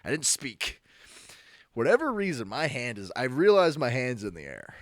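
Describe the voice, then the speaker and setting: A man's voice: medium pitch, huge pitch swings, normal speed, no room sound, clean studio sound. A young man co-hosting a podcast, telling an embarrassing story in casual chat and laughing often. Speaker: podcast co-host.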